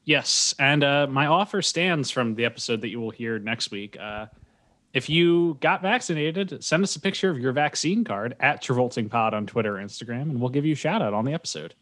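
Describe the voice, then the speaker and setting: A man's voice: medium pitch, animated, brisk, fairly bright tone. Male podcast co-host, dry joker, casual rambling chat. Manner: dry, joking, rambling asides.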